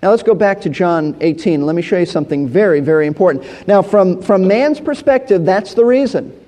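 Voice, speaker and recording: A man with a high, mellow voice teaches through scripture verse by verse, explaining each point and often doubling back on his words. His voice rings out with the long reverb of a large hall. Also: expressive, a little fast. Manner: explanatory, repeats words and restarts phrases. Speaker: Bible teacher.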